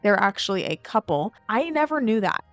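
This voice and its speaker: A woman's voice: medium pitch, big pitch swings, fairly quick, no echo. A woman vlogger giving casual gameplay commentary, chatty and thinking aloud with frequent filler words. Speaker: game building vlogger.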